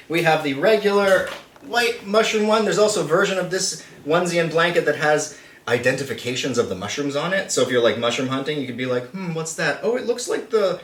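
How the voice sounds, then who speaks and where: A man's voice: fairly high pitch, fairly bright tone. Playful rambling man, roomy distant sound. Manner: playful, self-mocking, rambling. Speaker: channel host. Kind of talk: casual vlog to camera. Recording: roomy, slightly distant mic.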